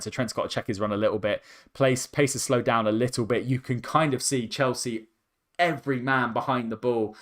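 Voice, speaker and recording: A man hosting a fan watchalong, calling the match play by play and breaking into excited cries at every chance. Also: medium pitch. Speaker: host.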